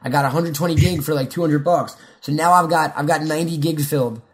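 A young man with a slightly high voice talks in a loose, rambling way, cursing often and tripping over restarts. He jumps from story to story and slips into quoted lines as he goes. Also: steady tone, fast. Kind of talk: casual chat.

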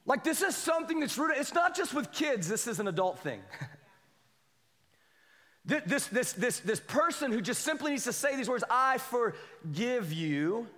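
High-voiced, animated pastor in a reverberant hall. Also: male voice, moderate pace. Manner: animated, joking, keeps asking the crowd "right?" and "amen?". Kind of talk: conversational sermon.

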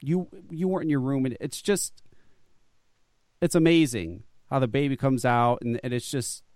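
A man's voice: mid-range voice, normal speed, darkish tone, no room sound, clean studio sound. A man telling a long, profane story in casual chat, full of restarts and stammered repeats. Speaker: guest.

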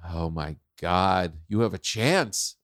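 A man's voice: low voice, expressive, takes it slowly, clear, resonant tone, no echo. A man who is a comedian, a guest in casual podcast chat, teasing in a dry way.

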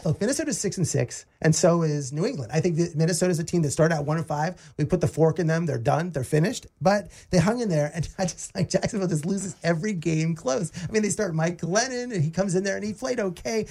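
Gravelly dark-voiced man, excitable sports radio co-host who rambles and restarts. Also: sits high, fast, hardly any pauses. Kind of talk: casual sports talk.

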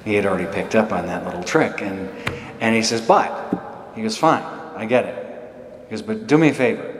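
Chatty priest in an echoey church. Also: male voice, on the low side, fairly quick, a little hiss or hum. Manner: chatty, self-deprecating, laughs often. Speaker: parish priest. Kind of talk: homily with personal story.

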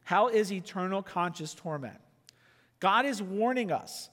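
A man preaching a sermon in an earnest, emphatic way, often dropping to a quiet, intense tone. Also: high-pitched, expressive, unhurried, big-room sound. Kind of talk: sermon teaching.

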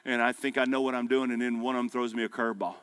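A man in his fifties preaching a sermon, with punchy exhortation that drops to quiet storytelling. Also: mid-range voice, level tone, racing, smooth, no room sound. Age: 50s. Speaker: pastor. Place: breakfast meeting room.

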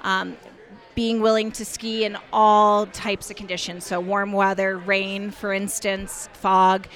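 A woman ski instructor speaking in a measured, thoughtful way in an outdoor interview. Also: medium pitch, flat delivery, a bit bright.

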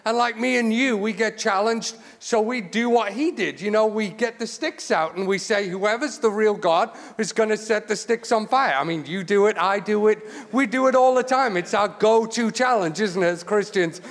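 A man giving a lively, joking sermon in a church, talking conversationally with lots of restarts and asides. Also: high-pitched, normal speed, few pauses. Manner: conversational, joking, many restarts and "you know". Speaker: guest preacher. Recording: long church hall reverb.

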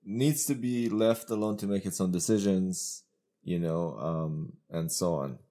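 Low-pitched guy on a podcast, thinking out loud about big ideas, laughs a lot. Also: a little slow. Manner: analytical, philosophical, laughs often. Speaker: podcast co-host. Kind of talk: casual chat.

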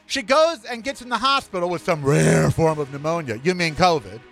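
Sassy high-voiced man ranting on a podcast. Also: animated, moderate pace, vocal fry, a bit bright, soft background music. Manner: sassy, campy, calls listeners honey and child. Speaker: podcast host. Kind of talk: opinionated solo podcast rant.

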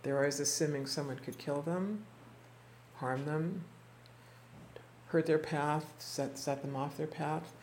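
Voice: mid-range voice, darkish tone, slight background noise. Reflective storyteller teaching a small group. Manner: reflective, unhurried retelling with quoted voices; halting restarts and repeated words. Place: indoor room with a small group.

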